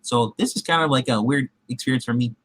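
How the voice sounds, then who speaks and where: With a mid-range voice that's fairly bright and slightly rough, this show recap host talks at a quick pace. He loosely recaps a TV episode, rambling with fillers and restarts and acting out the characters' quotes in his retelling.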